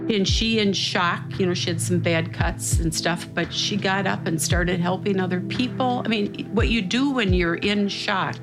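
An older woman from Minnesota, speaking at a medium pitch and a moderate pace with hardly any pauses, earnestly recounts a personal family story as an interviewee. She is reflective, stops to think, and quotes others in dialogue along the way. The recording is rough, with a music bed running beneath her voice.

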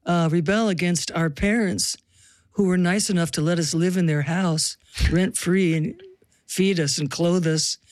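A woman's voice: deep voice, darkish tone, no room sound, studio quality. An older woman from the US Pacific Northwest, a musician guest telling stories in an interview with a wry, reflective manner. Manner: reflective, wry storytelling with laughs. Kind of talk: interview conversation.

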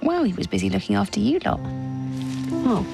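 An actress playing a warm mother, talking fondly with her children in a film scene. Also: medium pitch, big pitch swings, fairly quick, gravelly, loud music behind the voice.

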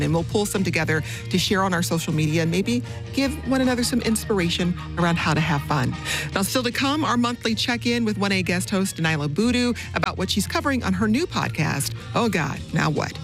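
A woman hosting a public radio interview show, moderating guests in a measured, conversational way. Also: mid-range voice, expressive, faint music behind.

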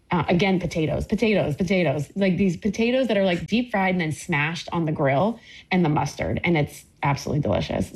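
A woman's voice: lowish voice, darkish tone, slightly rough. A woman talking about her cookbook in a casual interview, enthusiastic and rambling with lots of fillers. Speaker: cookbook author guest.

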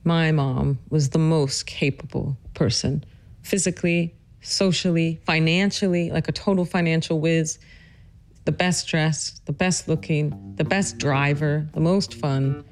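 A woman's voice: deep voice, a little mellow. Earnest woman narrating a family story. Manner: earnest, emotional, measured storytelling. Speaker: host and narrator. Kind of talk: narrated personal podcast with interview.

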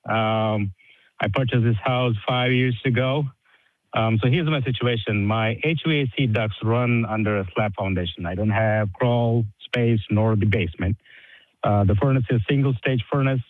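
A male caller on a tinny, dry phone line, talking at a middle pitch. He hesitates often, filling gaps with ums and uhs as he explains his problem. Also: no echo. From Michigan, USA. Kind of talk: call-in question on the radio. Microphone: telephone.

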